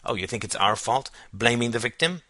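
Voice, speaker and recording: A man's voice: medium pitch, lively intonation, a little fast, sharp tone, dry recording, pitched above the performer's own voice. A man voicing a middle-aged father in an audiobook, fatherly and lecturing. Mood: indignant. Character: middle-aged father, music lover, stern. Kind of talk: audiobook character voice.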